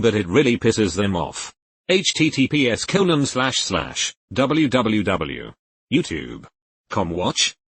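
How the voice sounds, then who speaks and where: A man's text-to-speech voice reading forum posts aloud in a flat synthetic way, spelling out links letter by letter. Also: on the low side, slightly rough, no echo.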